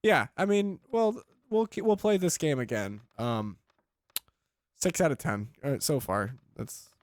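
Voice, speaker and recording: A man hosting a comedy podcast, chatting casually and riffing on jokes with quick tangents. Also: on the high side, animated, darkish tone, no room sound. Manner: rambling, joking, quick tangents. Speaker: podcast host.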